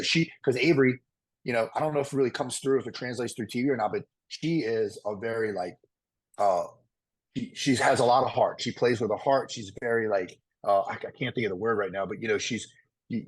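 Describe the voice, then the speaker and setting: Fast-talking husky man, rambling. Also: medium pitch. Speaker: reality show contestant interviewee. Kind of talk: candid interview.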